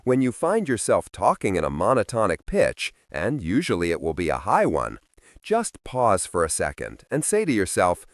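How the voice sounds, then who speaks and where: A man reads a self-help audiobook in a low voice that swings widely up and down. He leans on key words and shifts his pace to drive points home. The recording is close and dry, with no room sound. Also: wildly swooping pitch, moderate pace, no room sound. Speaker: audiobook narrator. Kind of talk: scripted audiobook narration.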